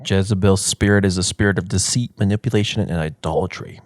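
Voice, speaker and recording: Deep-voiced joking man. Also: steady tone, fast talker, no room sound, clean studio sound. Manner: joking, chatty, asks questions. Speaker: podcast co-host. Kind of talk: casual podcast chat.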